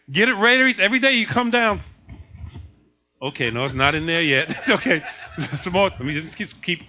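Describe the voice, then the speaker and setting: A man preaching a sermon, animated and laughing often as he acts out the scenes. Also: high voice.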